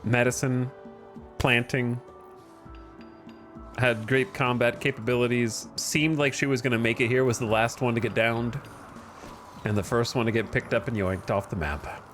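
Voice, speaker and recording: A man's voice: mid-range voice, steady tone, normal speed, pauses often, a bit bright, soft background music. A man giving casual, wry, self-deprecating commentary while streaming a game.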